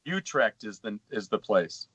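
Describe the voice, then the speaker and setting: A man's voice: lowish voice, measured pace, husky, no echo, dull audio. A man guesting on a gaming podcast, chatting casually and teasing with jokes. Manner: jokey, teasing, animated. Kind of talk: casual joking chat.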